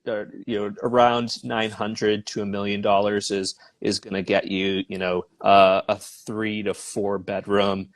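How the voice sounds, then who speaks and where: A young man in his twenties with a Boston accent, a real estate agent answering interview questions in a laid-back way, with many ums and you-knows. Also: lowish voice. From Boston area, USA. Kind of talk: casual interview conversation.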